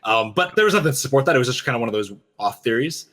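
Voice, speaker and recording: Husky man rambling through a discussion. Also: mid-range voice, animated, racing, a bit bright. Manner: rambling, frequent restarts and fillers. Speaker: podcast co-host. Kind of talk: casual discussion of a game cinematic.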